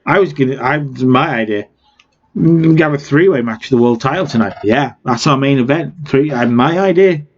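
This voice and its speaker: A man's voice: mid-range voice, moderate pace, muffled recording, voice pushed down, lightly acted. A man voicing a brash older male wrestling boss who keeps repeating himself to claim credit. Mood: smug.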